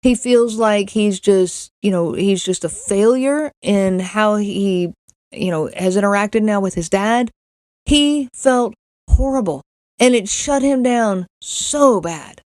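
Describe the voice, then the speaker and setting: A woman's voice: mid-range voice, slow, a little mellow, no room sound, studio quality. A middle-aged woman hosting a podcast, telling a personal story in an earnest way, often repeating words and acting out what others said. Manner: earnest, repeats words, acts out quoted lines. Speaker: podcast host.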